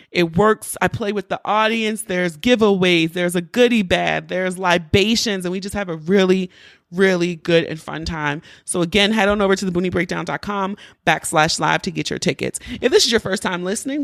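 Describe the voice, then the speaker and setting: A woman's voice: fairly low pitch, fairly quick, dry recording, clean studio sound. A woman hosting a podcast in a casual, playful chat, her voice congested from allergies. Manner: lively, chatty, playful. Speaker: podcast host.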